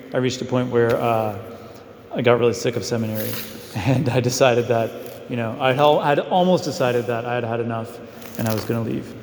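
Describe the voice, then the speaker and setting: A male priest with a medium-pitched, darkish voice delivers a casual, story-driven mission homily, talking to the congregation with plenty of fillers. The echoey hall gives a long reverb, and there's slight background noise.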